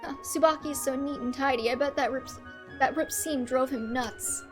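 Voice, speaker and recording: Woman reading as a calm polite ninja guy, gentle, highish voice. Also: moderate pace, over music, close to an everyday voice.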